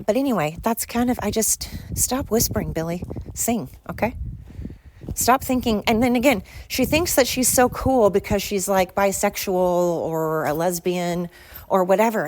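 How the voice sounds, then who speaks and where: A woman's voice: mid-range voice, dry recording. A woman hosting a solo podcast, ranting bluntly and crudely, rambling with fillers and exasperated asides. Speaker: podcast host. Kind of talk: solo opinion podcast rant.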